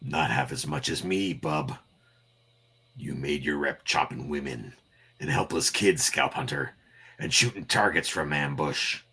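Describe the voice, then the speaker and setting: A man voicing a gruff, tough male mutant brawler in a comic read-through, growling his taunts low. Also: unhurried, sharp tone, exaggerated voice. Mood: taunting.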